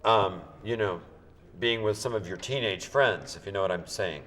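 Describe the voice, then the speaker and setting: A man from Minnesota hosting a comic talk show, lively and talkative, joking and drifting off topic. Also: on the low side, normal speed. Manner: lively, talkative, jokey, digresses.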